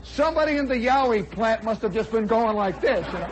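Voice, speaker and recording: A man in his forties, a radio host telling a comic personal story in an animated way, now and then shouting for effect. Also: very high-pitched, fairly quick, dull audio. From United States. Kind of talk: spoken storytelling monologue. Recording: old radio broadcast with faint crowd and noise.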